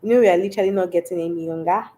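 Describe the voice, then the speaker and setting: A woman's voice: fairly low pitch, steady tone, rapid-fire, warm tone, a little hiss or hum. Stuffy-voiced Nigerian woman chatting live. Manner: chatty, laughs often. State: stuffy voice from a cold. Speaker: livestream host. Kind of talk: casual livestream chat reading comments.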